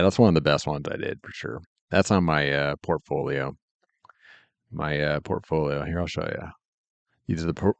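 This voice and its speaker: Low gravelly guy, unhurried, laid-back rambling stream chat, dry close sound. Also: no room sound. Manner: laid-back, meandering, chuckles often. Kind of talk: casual rambling chat while working.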